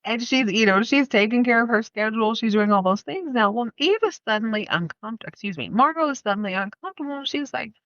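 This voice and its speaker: A woman's voice: on the high side, lively intonation, fast talker, few pauses, fairly bright tone, no echo, dull audio. Playful woman recapping a film, dry sound. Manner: playful, slangy storytelling with asides. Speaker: podcast host. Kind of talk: casual film review podcast.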